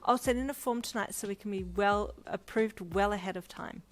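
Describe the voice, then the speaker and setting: A woman voicing a flamboyant, excitable young gay man who squeals and talks with sass. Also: medium pitch, moderate pace, natural voice. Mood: sassy. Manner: dramatic, squealing, sassy.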